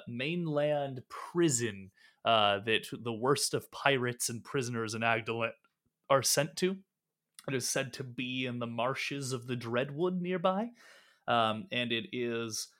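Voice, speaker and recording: A man narrates a tabletop role-playing game as game master. His voice is bright. He keeps a relaxed pace and adds fillers as he goes. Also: mid-range voice.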